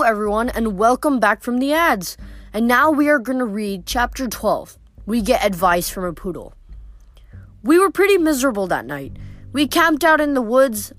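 A woman reading a novel aloud to her channel, chatty and full of fillers in her asides between chapters. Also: mid-range voice. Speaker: audiobook reader.

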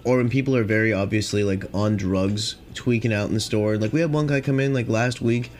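A young man hosting a podcast, rambling casually and profanely with lots of filler, and high on cannabis. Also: fairly quick, a little mellow, soft background music. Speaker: podcast host.

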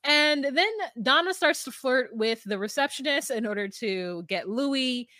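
A woman's voice: high voice, lively intonation, unhurried, sharp tone, no room sound. A woman co-hosting a reality TV recap podcast, chatty, retelling scenes with quoted dialogue. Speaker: podcast co-host. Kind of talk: casual recap chat.

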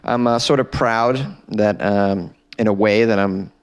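A man's voice: on the low side, steady tone, a little slow, clean tone, no room sound. A man hosting a comedic news podcast, joking and rambling with self-mocking asides. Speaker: podcast host.

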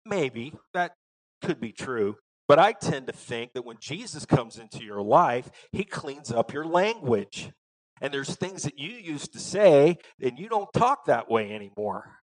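Southern pastor guy preaching, folksy, gets loud then drops real quiet, mid pitch. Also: big pitch swings, unhurried, poor audio. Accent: Southern American. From American South. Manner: folksy, emphatic preaching with rising bursts and quiet asides. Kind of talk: sermon.

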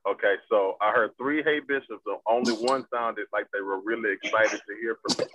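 A man's voice: fairly low pitch, fairly quick, highs cut off, noisy background. A man, a bishop joining a podcast as guest, teasing the hosts in a mock-stern preacher's manner. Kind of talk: casual chat.

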